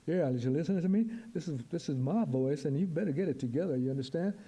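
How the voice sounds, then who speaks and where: A man's voice: on the high side, animated, quick pace, warm tone, breathy edge. A man voicing a brash young man who insists on being heard, in a pushy, street-tough manner. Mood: defiant.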